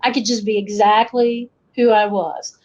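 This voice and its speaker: In a casual interview, a guest folklorist, a middle-aged woman from western North Carolina, tells stories in an Appalachian Southern accent, changing her accent to fit listeners. She speaks in a mid-range voice at a measured pace with lively storytelling. The recording is muffled and lo-fi.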